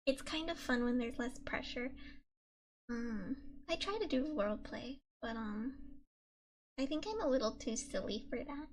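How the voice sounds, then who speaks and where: Young female streamer, high bright voice, soft casual ASMR chatter into a binaural mic, giggles often. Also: a little slow, slight background noise. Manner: soft-spoken, giggly, gushes excitedly at chat. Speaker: VTuber streamer. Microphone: binaural dummy-head mic.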